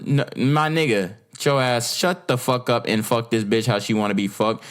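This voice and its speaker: A man's voice: medium pitch, normal speed, hardly any pauses. A young man ranting casually to his viewers in a blunt, profane, rambling way, with restarts and asides as he scrolls. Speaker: vlogger. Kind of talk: casual unscripted rant to camera.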